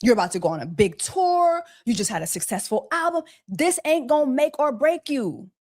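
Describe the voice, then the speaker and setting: Exasperated woman livestream host, higher voice. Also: big pitch swings, normal speed, a little mellow. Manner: exasperated, repeating rhetorical questions; mocking, with quacking and bird jokes. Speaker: host of a celebrity gossip livestream. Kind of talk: casual livestream commentary.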